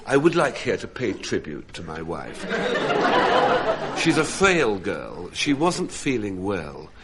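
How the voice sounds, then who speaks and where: A man's voice: on the low side, huge pitch swings, slow pace, heavy background noise. A man on a comedy panel show, telling a self-mocking comic story to a studio audience. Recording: 1970s radio broadcast with audience laughter. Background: studio audience laughing.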